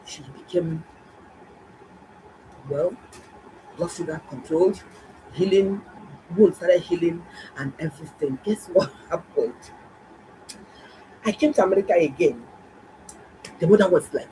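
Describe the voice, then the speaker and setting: A woman doctor, telling viewers a story in a casual, animated and emphatic way. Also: lowish voice, unhurried, pauses often, slight background noise, poor audio. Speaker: doctor and health vlogger.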